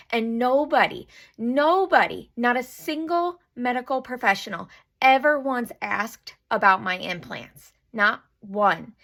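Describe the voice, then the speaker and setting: A woman speaks to her camera at home, candid and a little nervous, laughing at herself. Her voice sits somewhat high, and she turns tearful and emotional as she tells her story. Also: fairly bright tone. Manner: candid, nervous, self-deprecating. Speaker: vlogger.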